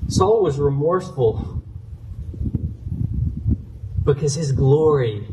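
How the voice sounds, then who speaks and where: A male pastor works through a scripture story in an earnest sermon, citing chapter and verse along the way. His voice sits a little high and comes from a distance, with faint room ambience behind it. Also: animated, slow, background noise.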